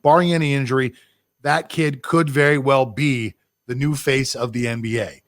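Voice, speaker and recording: A man's voice: medium pitch, steady tone, moderate pace, dry recording. A man with a mid-range voice, co-hosting a sports chat in a blunt, opinionated way. The sound is dry and close. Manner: blunt, opinionated, jumps between thoughts. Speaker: sports podcast co-host.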